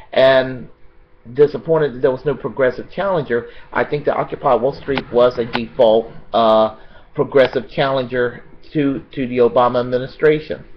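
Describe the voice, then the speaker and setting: Casting: American man, ranting unscripted about politics, halting and blunt, middle pitch, slightly lo-fi. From United States. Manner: rambling and halting, many fillers and restarts, blunt with profanity.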